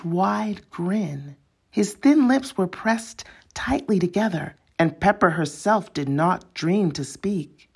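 Slow, breathy woman storyteller. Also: lowish voice, a little mellow. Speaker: narrator. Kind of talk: scripted literary narration.

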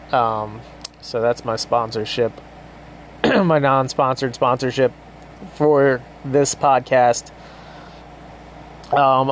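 A man in his thirties hosting a casual solo podcast at home, rambling and swearing through a deadpan mock ad with pets around him. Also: mid-range voice, a little hiss or hum. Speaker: podcast host.

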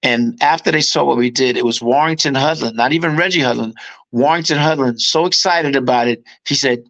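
A man as an interview guest, telling casual anecdotes in an animated way and acting out quotes in voices. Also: medium pitch, fairly quick, low-quality recording.

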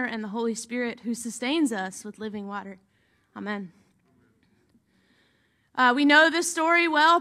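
A woman's voice: high voice, fairly bright tone. A woman pastor reads a gospel passage and then preaches about it in a conversational way, often turning to her listeners with "right?". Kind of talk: sermon.

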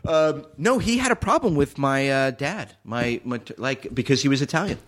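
A man's voice: medium pitch, expressive, moderate pace, fairly bright tone. A man talking as a podcast guest in casual comedic chat, rambling and self-deprecating with lots of fillers.

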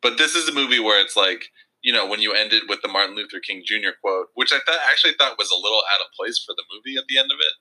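A man's voice: lowish voice, animated, fast talker, hardly any pauses, pushed and bright, rough recording. A man co-hosting a casual film review chat, chatty and hedging with plenty of fillers. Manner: chatty, hedging, lots of fillers like "you know".

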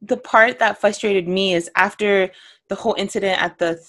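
Young woman podcast cohost, mid-pitch, animated and exasperated, lots of "like". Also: moderate pace. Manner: animated, filler-heavy, exasperated rants. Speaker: podcast co-host. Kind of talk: casual chat.

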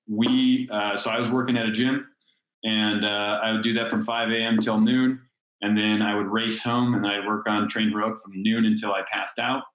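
Man, low voice, thirties, founder, candid, rambling, profane, roomy echo. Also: a bit bright, muffled recording. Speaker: startup founder. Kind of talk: casual interview talk.

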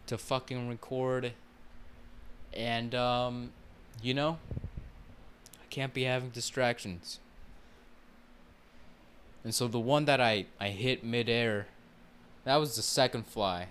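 Slow, profane man ranting on his podcast. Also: mid-range voice, fairly bright tone, smooth. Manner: rambling and heavily profane, many fillers. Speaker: podcast host. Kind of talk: casual solo rant.

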